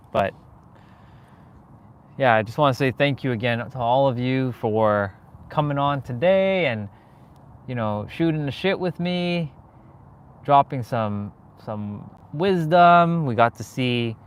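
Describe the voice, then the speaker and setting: A man's voice: mid-range voice, lively intonation, slow pace, pauses often, clean tone. A young man from Canada chatting casually on a live stream as he walks through a parking lot to his car, rambling with lots of fillers and restarts. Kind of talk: casual live-stream chat while walking.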